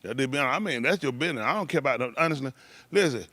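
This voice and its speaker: A man's voice: mid-range voice, expressive, very fast, no room sound. A man telling stories in casual talk, rambling loosely and breaking into laughs. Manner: loose rambling delivery with laughs and shouted impressions.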